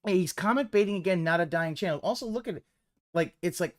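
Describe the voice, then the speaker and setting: A man's voice: sits high, fast. A man co-hosting a casual stream, mocking and sarcastic, swearing freely. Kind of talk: casual livestream chat.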